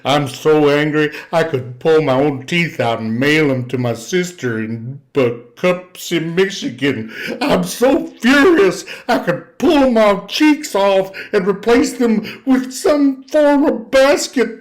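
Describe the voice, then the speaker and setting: A comedian playing a furious style character, ranting and swearing with loud shouted bursts. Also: male voice, high voice, expressive, slow, few pauses. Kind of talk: character stand-up rant.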